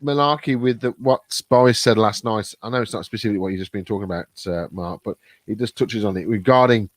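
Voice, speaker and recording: A man's voice: lowish voice, fast talker, few pauses, dry recording. A man hosting a video-call business chat, talking in a chatty, stumbling way with lots of fillers. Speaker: host of a business chat show. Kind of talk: casual panel discussion.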